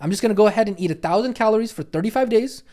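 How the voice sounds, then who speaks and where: A man voicing an overconfident dieting student who thinks losing weight is simple and boasts excitedly. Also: sits high, very fast, voice pushed up, natural voice. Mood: cocky excited.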